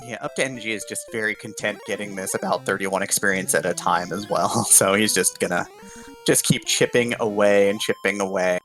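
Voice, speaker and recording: A man's voice: lowish voice, steady tone, brisk, a bit bright, faint music behind. A man commentating a video game tournament, upbeat and explaining the rules of the game to viewers. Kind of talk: esports play-by-play commentary.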